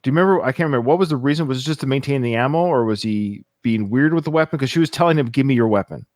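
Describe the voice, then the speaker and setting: A man co-hosting a podcast, talking about a film in a casual, animated and opinionated way. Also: medium pitch, rapid-fire, no echo, clean studio sound. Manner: animated, opinionated, restarts often. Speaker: podcast co-host.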